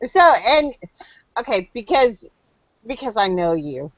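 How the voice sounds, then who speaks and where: Lively, profane woman podcast host. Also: a little high, slow, no room sound. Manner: blunt, profane, laughs often. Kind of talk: casual interview chat. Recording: dry, dull lo-fi podcast audio.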